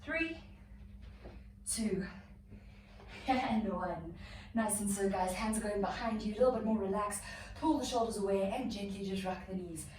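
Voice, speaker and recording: A woman's voice: mid-range voice, moderate pace, pauses often, a little mellow, a little hiss or hum. Breathless female yoga instructor, encouraging, counts reps; very echoey room, distant mic. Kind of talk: guided workout instruction.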